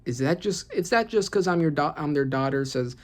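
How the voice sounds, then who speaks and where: Reaction host, casual commentary, excitable, reads panels aloud, middle pitch. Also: brisk. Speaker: manga reaction channel host.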